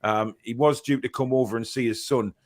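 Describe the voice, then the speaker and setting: Man, young adult, podcast host, chatty, reads chat comments aloud, mid-pitched voice. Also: fairly even intonation, brisk. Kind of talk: casual fan-podcast chat.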